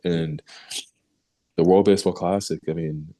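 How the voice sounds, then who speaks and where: A young man, a baseball pitcher guest, telling stories in a casual interview and acting out the lines of the people he quotes. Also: fairly quick. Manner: animated storyteller who acts out quoted remarks, laughs easily.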